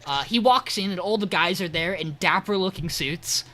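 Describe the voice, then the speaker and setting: A man co-hosting a podcast, casually recapping an episode with animated storytelling and swearing, over a remote call. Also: high voice, normal speed, slight background noise. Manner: animated retelling, swears, quotes characters. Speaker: podcast co-host.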